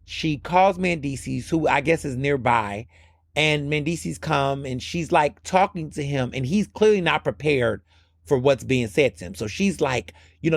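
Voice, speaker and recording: Brief: male podcast host, chatty and animated recap, slightly high voice, dry close mic. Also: moderate pace, vocal fry, dry recording. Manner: animated storytelling, slipping into quoted voices. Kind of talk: casual commentary recapping a reality show.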